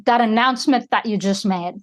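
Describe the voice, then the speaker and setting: A woman's voice: fairly high pitch, fairly quick, natural voice. A woman quoting a strict, commanding older woman stranger in a curt tone. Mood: stern.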